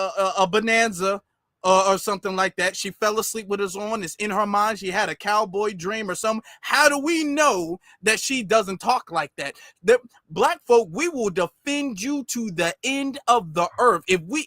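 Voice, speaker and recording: A man hosting casual commentary in an animated, slangy, mocking way. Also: sits high, no room sound, studio quality. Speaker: commentary channel host.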